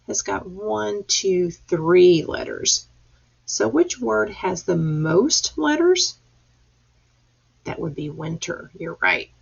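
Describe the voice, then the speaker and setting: Slow, patient woman teaching young kids. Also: medium pitch, vocal fry, husky. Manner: slow, patient, sounds out letters. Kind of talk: reading lesson for young children. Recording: dull lo-fi recording.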